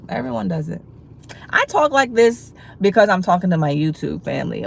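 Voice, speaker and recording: Female livestream host, low gravelly voice, loose rambling delivery. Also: a little mellow, slight background noise, rough recording. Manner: rambling, filler-heavy talk with many restarts. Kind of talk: casual livestream chat to viewers.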